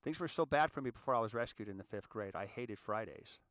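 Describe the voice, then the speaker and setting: A man of sixty from California, hosting a show and telling his story in an earnest, halting monologue that often repeats words. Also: fairly low pitch, animated, a bit bright, dry recording. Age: 60s. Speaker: show host. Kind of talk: confessional monologue.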